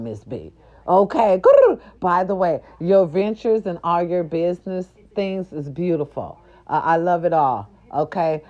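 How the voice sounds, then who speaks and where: Middle-aged woman, gossip vlogger, low voice, wildly animated and profane, on dull lo-fi audio. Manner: animated, swings to high squeals and playful growls; salty, profane slang. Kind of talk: casual gossip chat.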